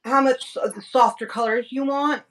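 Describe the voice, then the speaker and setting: Bright-voiced woman teaching tie-dye. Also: sits high, moderate pace. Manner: steady, explains step by step with fillers. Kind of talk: livestream craft demo chat.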